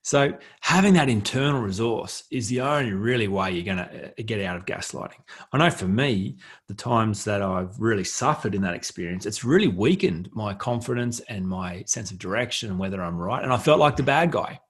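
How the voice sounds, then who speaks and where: A man with a husky, somewhat low voice hosts a solo self-help podcast. He speaks earnestly and reflectively, and he often repeats key phrases to drive a point home. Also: expressive, brisk. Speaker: podcast host.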